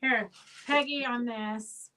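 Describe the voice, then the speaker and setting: A woman's voice: on the high side, fairly even intonation, takes it slowly, sharp tone, far from the mic, low-quality recording. A woman who owns a fabric shop hosts a live sale stream, chatting in a rambling way and calling out auction winners by name.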